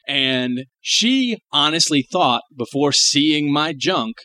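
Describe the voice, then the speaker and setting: A man's voice: a little high, lively intonation, slow, pushed and bright. A young man co-hosting a podcast, talking casually and ranting in a profane, emphatic way. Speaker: podcast co-host. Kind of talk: crude casual chat.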